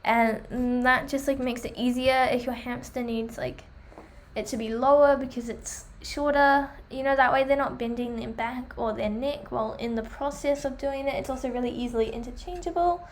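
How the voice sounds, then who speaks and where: A young woman chatting enthusiastically while reviewing pet products, full of fillers, her voice going hoarse. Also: sits high, steady tone, normal speed, slight background noise. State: losing her voice. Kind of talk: casual chat.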